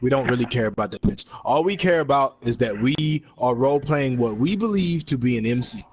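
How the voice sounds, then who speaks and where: A man co-hosting a casual podcast chat, laughing often and retelling stories in animated bursts. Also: fairly quick. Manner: laughing, animated retelling with sudden high outbursts. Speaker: podcast co-host. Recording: noisy background.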